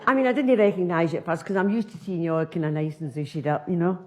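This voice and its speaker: Chatty Scottish neighbour man, nosy and quick to tease, played by a woman in a low voice. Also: slight background noise, lightly acted. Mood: gossipy. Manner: gossipy, quick and teasing.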